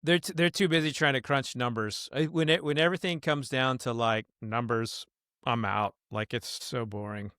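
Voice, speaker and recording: A man's voice: medium pitch, bright, forceful tone, clear, resonant tone, no room sound, studio quality. A man hosting a podcast in casual chat, telling stories in a playful way. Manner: playful storytelling, quick to laugh. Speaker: podcast host.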